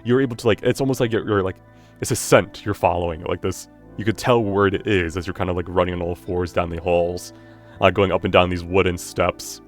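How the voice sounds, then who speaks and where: A man narrating as game master of a tabletop role-playing game, relaxed and rambling, with many fillers and restarts. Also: sits low, brisk, soft background music.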